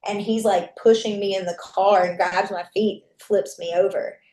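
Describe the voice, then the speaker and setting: A woman's voice: medium pitch, fairly even intonation, normal speed, a little mellow. Candid woman telling a story, echoey room. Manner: candid, profane, reenacts dialogue. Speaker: podcast guest. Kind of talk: personal storytelling.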